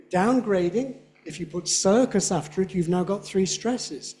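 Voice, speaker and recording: A man giving a lively conference lecture, often checking in with his audience. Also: high voice, moderate pace, hardly any pauses. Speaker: linguistics lecturer.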